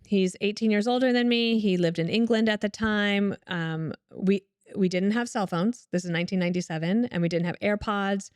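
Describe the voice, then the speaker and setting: Animated woman telling stories in a dry studio. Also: medium pitch, moderate pace, hardly any pauses, clear, resonant tone, no room sound. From Colorado, USA. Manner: animated storyteller who acts out quoted voices. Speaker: guest. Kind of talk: candid storytelling interview.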